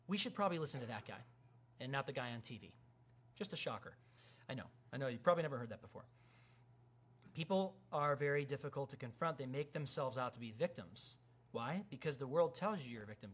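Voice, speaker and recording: A pastor in his thirties preaches with animated energy and slips into little acted voices for the people he quotes. His voice sits a bit high for a man. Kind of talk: sermon.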